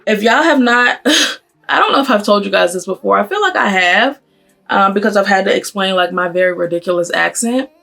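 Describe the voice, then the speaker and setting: A woman in her thirties with a mixed Northern and Southern US accent, chatting casually as she gets ready, talking fast and stumbling over her words. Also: mid-range voice, lively intonation, creaky, bright, forceful tone, faint music behind. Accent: mix of Northern US and Southern US. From Pennsylvania, raised in Atlanta. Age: 30s. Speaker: beauty vlogger. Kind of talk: casual get-ready-with-me chat. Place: at home doing makeup.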